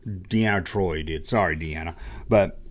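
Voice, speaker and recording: A man's voice: low-pitched, a little slow. A man hosting his own channel, giving an exasperated, sarcastic rant in a commentary vlog. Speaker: channel host.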